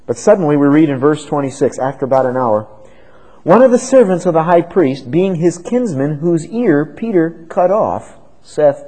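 A man preaching an expository sermon, dramatic, swinging from loud emphasis to hushed tones. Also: a little high, lively intonation, moderate pace, poor audio.

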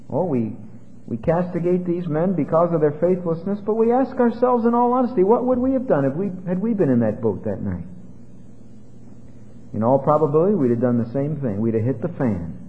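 A man preaching a sermon as pastor, swinging dramatically between loud exclamations and hushed asides. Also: fairly high pitch. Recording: tinny phone-like sound with long hall reverb.

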